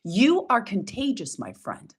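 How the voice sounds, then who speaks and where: Husky, animated woman coaching. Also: mid-range voice, unhurried. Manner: upbeat, emphatic, acts out quoted voices, laughs often. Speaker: coach leading a self-help challenge. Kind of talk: motivational coaching talk.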